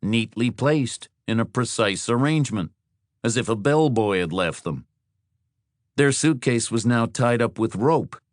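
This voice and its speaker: A man narrating an audiobook thriller in a measured, descriptive storytelling style. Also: medium pitch, lively intonation, no echo, clean studio sound. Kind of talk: scripted narration.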